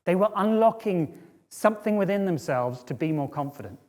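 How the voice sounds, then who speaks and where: Lively man telling a story on stage. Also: high voice, moderate pace. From Britain. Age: middle-aged. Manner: lively, conversational, checks in with "right?" and "okay?". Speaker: speaker. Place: auditorium stage.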